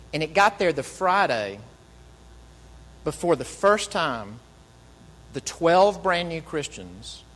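A man preaching with a fairly high voice that rises when he acts out quoted speakers and sinks soft and low at quieter points. His sermon rings out in a large hall with a long reverb. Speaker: pastor.

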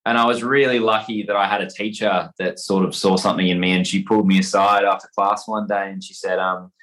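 A man's voice: sits low, flat delivery, brisk, a bit bright, poor audio. A young man with an Australian accent, a guest actor chatting casually in an interview, full of fillers and restarts. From Perth, Western Australia. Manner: rambling, hesitant, many fillers and restarts.

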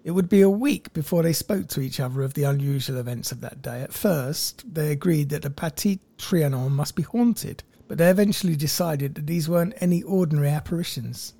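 A man's voice: fairly high pitch, a little fast, gravelly, hardly any pauses, warm tone, no room sound. A man, co-hosting a podcast and telling a history story in a wry, jokey way from his notes. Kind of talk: casual storytelling chat.

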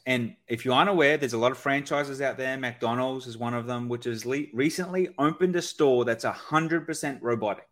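A man speaking as a sales expert guest in a conversational podcast, energetic and acting out sales-call dialogue. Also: mid-range voice.

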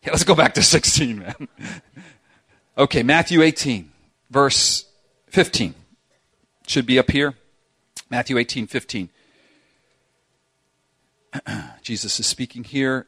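A man preaching a sermon as pastor in a church, talking in an animated, emphatic way with lots of repetition, sometimes acting out voices. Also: mid-range voice, slow pace, long pauses, husky, no room sound. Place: church sanctuary.

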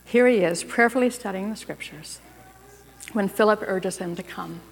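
A woman's voice: mid-range voice, normal speed, soft background music. A woman preaching a sermon in a church, speaking conversationally and putting questions to her listeners. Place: church sanctuary. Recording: long reverb of a large room.

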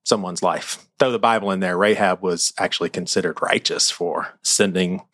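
A man's voice: low voice, normal speed, no room sound, studio quality. A man hosting a casual church podcast discussion, making his case with self-mocking stories. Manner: storytelling, self-mocking, lively. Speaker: podcast host.

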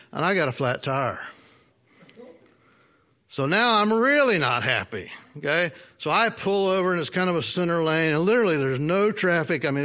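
A man preaching a sermon, telling a personal story in a folksy, animated way and asking the congregation questions. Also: fairly high pitch. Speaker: pastor.

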